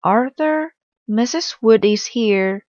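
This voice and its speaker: A woman's voice: fairly low pitch, big pitch swings, takes it slowly, no room sound, heavily acted. A woman voicing a firm but kind mother in a storybook read-aloud. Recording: slightly dull dry recording.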